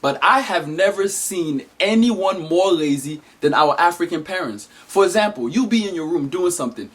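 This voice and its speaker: A man delivering an animated, emphatic comedic monologue as a vlogger. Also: high voice, moderate pace, few pauses, husky.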